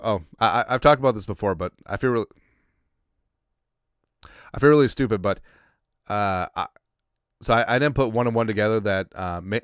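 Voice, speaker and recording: A man hosting a casual sports livestream, rambling as he reads out viewer shout-outs, a little congested. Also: on the low side, smooth, no room sound, clean studio sound. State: congested, coughing. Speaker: podcast host.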